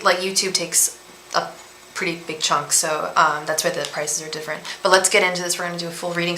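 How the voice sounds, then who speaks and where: This is a young woman hosting a casual tarot stream, talking directly and chattily to viewers as a psychic. Her medium-pitched voice sounds pushed and bright. Room echo and a slight hiss or hum are audible.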